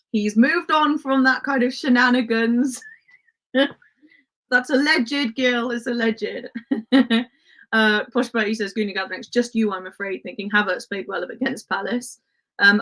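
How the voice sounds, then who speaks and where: A chatty woman who grew up in Spain hosts a casual livestream and answers viewer comments as she goes. She laughs often and fills her sentences with "um" and "like". Her voice sits fairly high. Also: a bit bright. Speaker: livestream host.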